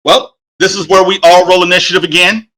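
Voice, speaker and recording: A man runs a tabletop game as game master, his voice bright and a little high for a man. He narrates the scene in a halting way, full of fillers and restarts. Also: flat delivery.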